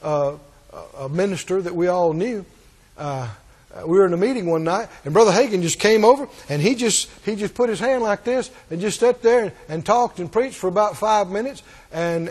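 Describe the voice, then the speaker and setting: A man preaching a sermon, animated and rising to emphatic, shouted points. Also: high-pitched, normal speed.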